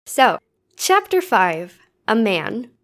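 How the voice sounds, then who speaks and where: A woman's voice: on the high side, very animated, slow pace. A woman podcast co-host reading fan fiction aloud in a cheerful way. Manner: cheerful, giggly.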